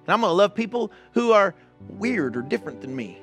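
A man's voice: sits high, big pitch swings, brisk, a bit bright, faint music behind. A man preaching a sermon as pastor, earnest and exhorting, speaking straight to his congregation. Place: church.

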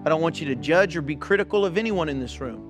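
High-pitched guy preaching a sermon, earnest, pushing folks, soft music underneath. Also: lively intonation, fast. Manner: earnest, exhorting, addresses congregation directly. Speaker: pastor. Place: church.

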